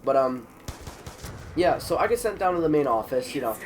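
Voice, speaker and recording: Fairly high-pitched and at a moderate pace, a sick teenage boy with some congestion tells a school story on his vlog. He's animated, voicing the others' quoted lines, and a little hiss or hum sits under the audio.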